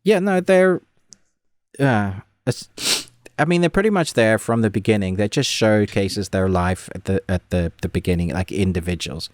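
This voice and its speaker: Low-voiced man rambling about a movie. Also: moderate pace, no room sound, clean studio sound. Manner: rambling, animated, frequent restarts and laughs. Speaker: podcast co-host. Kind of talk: casual movie review chat.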